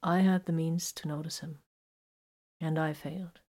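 A woman voicing a weary, guilt-ridden male psychic warrior who talks formally, quietly and slowly. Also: lowish voice, level tone, vocal fry, heavily acted. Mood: guilty. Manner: quiet, slow and subdued.

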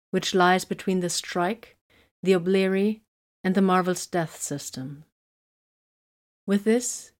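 A woman reading a science fiction story aloud in a measured, even way. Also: on the low side. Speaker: narrator. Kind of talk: scripted narration.

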